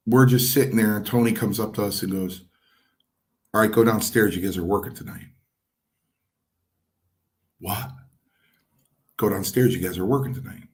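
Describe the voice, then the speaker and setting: A middle-aged man, a former wrestler, telling stories from his career and acting out what others said. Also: on the low side. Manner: acts out quotes of others, lively. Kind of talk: anecdotal storytelling.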